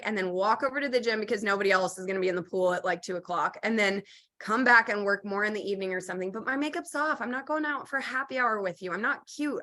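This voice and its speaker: A woman's voice: on the high side, bright, forceful tone. A woman co-hosting a podcast in casual chat, acting out quoted lines and swearing freely. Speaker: podcast co-host.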